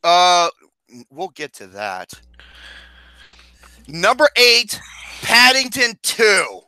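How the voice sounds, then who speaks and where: Guy hosting a movie podcast, bright voice that swoops up and down, swears a lot, dry close sound. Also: high-pitched, drawn-out words, smooth, dry recording. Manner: excitable, profane, ranting. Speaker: podcast host. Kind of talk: casual movie chat.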